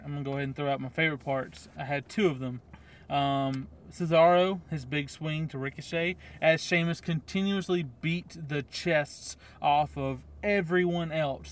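A man co-hosting a wrestling podcast, chatting casually and rambling with lots of ums and little laughs. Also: a little high. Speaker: podcast co-host. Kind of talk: casual chat.

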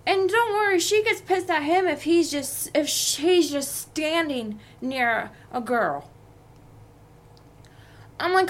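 A young woman talks through workplace drama on her podcast, swearing freely as she vents. Her voice sits high. She takes her time, drawing words out slowly. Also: animated. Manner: profane, venting, heated. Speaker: podcast host. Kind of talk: casual storytelling monologue.

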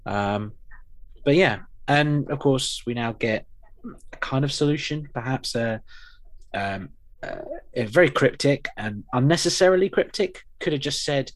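Casting: male podcast co-host, rambling and wry, mid pitch. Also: expressive, a little slow. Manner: rambling, wry, with many fillers and restarts. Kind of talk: casual chat reviewing an episode.

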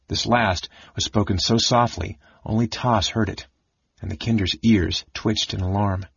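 A man reading an audiobook in a steady storytelling manner. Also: fairly low pitch, unhurried, gravelly, husky, no echo. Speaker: audiobook narrator. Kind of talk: scripted narration. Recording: dull lo-fi dry recording.

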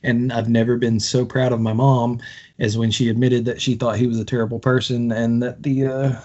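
A man's voice: mid-range voice, flat delivery, brisk, darkish tone. A man co-hosting a podcast, ranting about politics in a casual, profane and passionate way with lots of restarts after a few drinks. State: has been drinking. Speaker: podcast co-host. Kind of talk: heated casual political rant. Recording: dull lo-fi podcast audio.

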